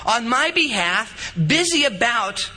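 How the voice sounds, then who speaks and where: A man in his thirties preaching a sermon in an animated, repetitive style, acting out little stories from home. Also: very high voice, slow pace. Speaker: pastor.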